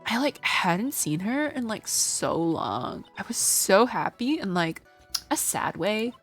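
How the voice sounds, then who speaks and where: A woman's voice: mid-range voice, big pitch swings, slow, fairly bright tone, husky, soft background music, voice pushed up, full character voice. Woman doing a ditzy valley-girl witness. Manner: says "like" constantly, hesitant. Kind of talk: reading game dialogue aloud.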